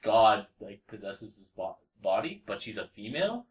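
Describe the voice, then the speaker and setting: A man's voice: fairly low pitch, sing-song, moderate pace. A man co-hosting a gaming podcast, rambling through a game story with lots of "like" and giggles. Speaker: podcast co-host. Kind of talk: casual gaming chat, telling a game story. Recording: echoey room, distant mic.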